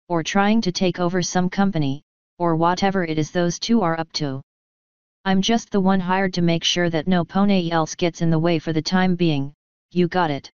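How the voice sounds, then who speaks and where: A woman's voice: on the low side, a little mellow, clean tone, no echo, muffled recording, natural voice. A woman voicing a tough female griffon mercenary who talks in a blunt, offhand way, in a storybook reading.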